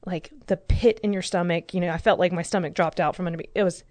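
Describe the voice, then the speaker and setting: A woman in her thirties shares a personal story during a casual group discussion, candid and emotional. Her lowish, darkish voice moves fast with fairly even intonation, and there is no echo.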